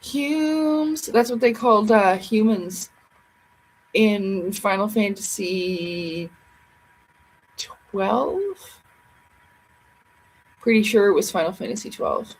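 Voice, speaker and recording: A woman's voice: mid-range voice, steady tone, a little slow, rough recording. A tired woman chatting playfully and ramblingly with viewers on a casual livestream.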